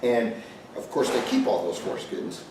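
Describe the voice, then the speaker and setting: A male pastor with a medium-pitched voice, speaking at a moderate pace, tells a joke-filled story to a group and banters with his listeners as an animated storyteller. The recording comes from a distant mic in an echoey room, with faint noise.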